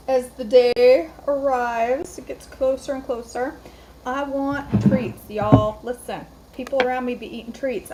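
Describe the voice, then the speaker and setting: A woman's voice: a little high, noisy background. A woman hosting a live cooking stream, chatty and rambling, greeting viewers by name from her home kitchen. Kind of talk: casual live-stream chat.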